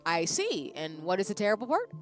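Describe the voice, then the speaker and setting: A woman doing a gentle, odd shopkeeper. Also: medium pitch, fairly quick, faint music behind. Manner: calm and gently questioning.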